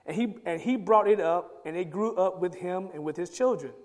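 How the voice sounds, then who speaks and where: A man's voice: high-pitched, moderate pace, a little mellow. A man preaching a sermon. He reads scripture aloud and rises into emphatic pleading. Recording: long hall reverb.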